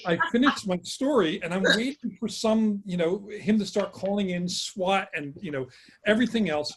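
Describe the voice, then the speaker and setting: A man telling a story in a casual chat on a video call, acting out the quotes with lively energy. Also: sits high, moderate pace, slight background noise. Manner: animated, acts out quotes. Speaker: guest author.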